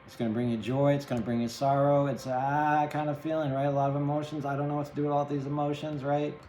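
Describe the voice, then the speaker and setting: A man's voice: a little high, little pitch movement, fast, a little mellow, echoey room, slight background noise, poor audio. A man giving a casual tarot reading, chatty and empathetic, rambling and checking in with the listener often. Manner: chatty, empathetic, rambling with many "right?" tags. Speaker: tarot reader.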